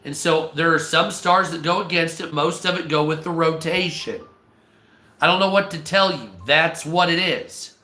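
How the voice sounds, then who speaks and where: A man ranting casually on a live stream, swearing often, stammering and clearing his throat. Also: fairly high pitch, moderate pace, bright, forceful tone, reverberant. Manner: profane, exasperated, restarts and stammers.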